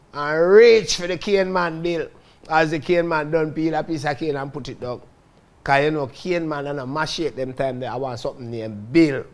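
A man with a Jamaican Patois accent telling stories from his own life in a lively, dramatic way, often calling out to his listeners. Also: on the high side. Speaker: storyteller recounting his life. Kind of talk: casual spoken autobiography.

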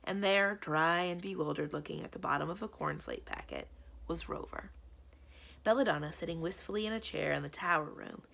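A woman librarian reading a children's book aloud in a lively, expressive storytelling manner. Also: lowish voice, fairly quick, creaky.

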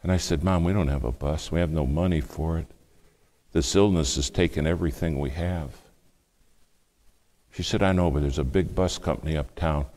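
Deep-voiced guy preaching, drops to a whisper then gets loud, acts out the story. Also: normal speed. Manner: dramatic storytelling, acts out quoted speech, shifts between hushed and loud. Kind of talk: sermon storytelling.

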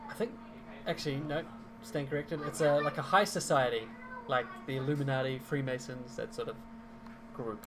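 A man's voice: medium pitch, steady tone, normal speed, background noise. Rambling man running a tabletop game. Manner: rambling, self-correcting, with frequent ums. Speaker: game master.

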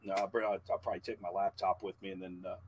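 A man in his forties, a podcast guest, telling a long profane story in a loud, animated way. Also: low-pitched, very fast, slight background noise.

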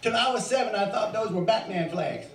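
High-voiced man doing crude bar stand-up. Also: lively intonation, a little fast. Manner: crude, rambling, swears freely. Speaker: stand-up comic. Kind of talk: open mic stand-up. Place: bar stage. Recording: echoey bar, mic far off.

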